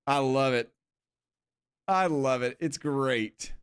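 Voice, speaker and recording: A man's voice: mid-range voice, slow, smooth. A man casually commenting on his football manager game on a live stream, laughing often and reading questions aloud. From England.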